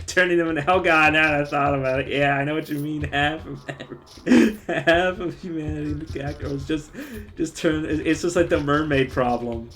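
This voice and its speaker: A man's voice: a little high, fairly even intonation, moderate pace, a bit bright. A man streaming live, chatting casually, often breaking into laughter and restarting his sentences.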